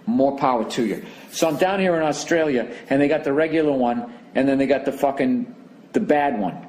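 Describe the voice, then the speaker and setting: A man's voice: medium pitch, a little mellow. A man from the United States telling a profane, sarcastic story in a heated rant on his podcast. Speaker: comedian podcaster. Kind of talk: ranting podcast monologue.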